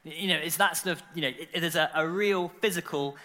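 A man preaching a sermon, telling the story in an animated way with lots of fillers and repeated words. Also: a little high, brisk, long reverb tail. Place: church.

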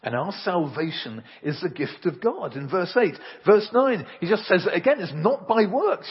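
A man's voice: high voice, sing-song, moderate pace, breathy edge. A man preaching an earnest, emphatic sermon and telling homely anecdotes, recorded in a church. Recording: reverberant hall, dull lo-fi sound.

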